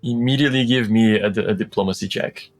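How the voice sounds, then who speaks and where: A man's voice: fairly low pitch, fast, faint music behind. A man narrating as game master in a casual, rambling way with many fillers.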